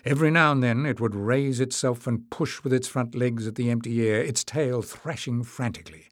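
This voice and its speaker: A man narrating an audiobook in a measured storytelling manner. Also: medium pitch, dry recording, studio quality. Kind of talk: scripted narration.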